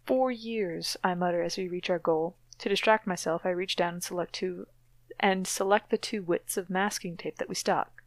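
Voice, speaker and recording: A woman reads a novel aloud with dramatic flair, then drops into sardonic commentary. Her voice sits on the low side, and the recording is dry and close. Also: fairly even intonation, moderate pace, no echo. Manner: wry, mocking asides. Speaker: podcast co-host reading a novel aloud.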